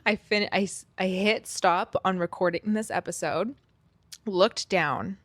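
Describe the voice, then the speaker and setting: A woman hosts her own podcast in a casual, chatty solo talk. Her voice sits in a mid-range pitch, and she talks with animated energy and the odd casual swear. The sound comes from a built-in device mic rather than a proper microphone, so the room is slightly echoey. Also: a little slow. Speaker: podcast host. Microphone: built-in device mic, external microphone left unplugged.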